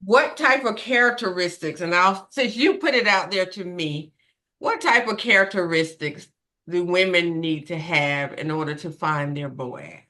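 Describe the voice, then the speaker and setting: A woman's voice: on the low side, unhurried, bright, forceful tone. A woman co-hosting a ministry podcast, chatting casually with playful, joking asides. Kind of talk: casual chat.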